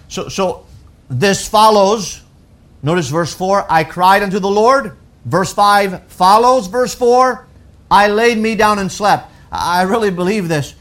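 Pastor guy preaching, pretty high voice, gets loud then drops real soft. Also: expressive. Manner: emphatic preaching that rises to shouts and drops to soft lows; quotes scripture in a slow, deliberate voice. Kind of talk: sermon.

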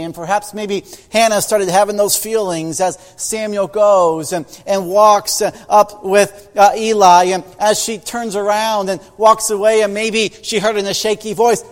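A man's voice: sits high, steady tone, a little slow, few pauses. A middle-aged man preaching a sermon, telling stories and acting out the voices of the people in them. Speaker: pastor. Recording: long hall reverb.

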